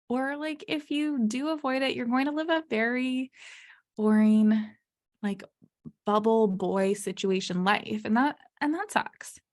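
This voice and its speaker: A young adult woman hosting her podcast alone, talking casually and candidly, with lots of fillers, and laughing her way through hard topics. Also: on the high side. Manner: chatty, many fillers like "you know" and "um". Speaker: podcast host. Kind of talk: solo podcast monologue.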